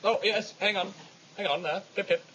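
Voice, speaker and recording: A man's voice: sits high, normal speed, bright, forceful tone, slight background noise, voice pushed up, poor audio. A man hamming up a posh monocled gent. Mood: jaunty. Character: mock posh British gentleman with monocle.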